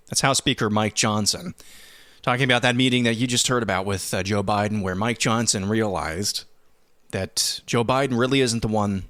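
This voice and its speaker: A man's voice: medium pitch, fairly bright tone, no echo. A male host delivers political commentary in a mid-range voice, slipping into sarcastic, mock-dramatic asides. The recording is dry and close, with no room sound.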